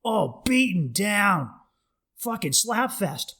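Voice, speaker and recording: A man's voice: high voice, big pitch swings, slow, pushed and bright. A young man hosting his podcast, telling stories in a loose, profane, rambling way. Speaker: podcast host. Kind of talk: casual monologue.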